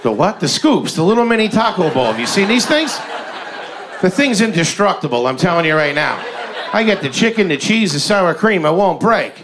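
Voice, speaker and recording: A man in his forties works a comedy club stage, his voice sitting a little high for a man. His delivery is animated and punchy, with sudden shouts and acted-out quotes. A faint hiss of a live room recording sits under him. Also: normal speed. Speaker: stand-up comedian. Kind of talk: stand-up set.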